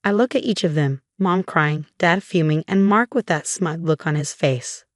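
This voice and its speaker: A woman narrating a first-person story in a steady, scripted reading. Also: sits low, moderate pace, dry recording, clean studio sound.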